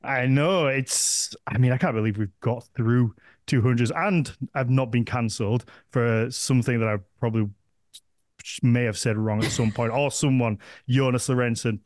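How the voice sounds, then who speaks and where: A man's voice: medium pitch, a little mellow, dry recording, clean studio sound. A man with a Northern English accent hosting a podcast, chatting casually and rambling with frequent restarts. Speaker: podcast host.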